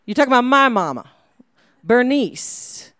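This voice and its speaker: A woman telling a personal story at a live storytelling night, animated and dropping to whispers for effect. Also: a little high, a little slow, no room sound, studio quality. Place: small live venue.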